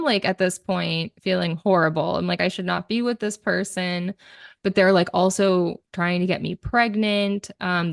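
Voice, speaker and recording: A woman's voice: fairly low pitch, creaky, dry recording, studio quality. A woman guest on a podcast, telling a personal story with animation and acting out the dialogue she quotes. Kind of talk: conversational storytelling.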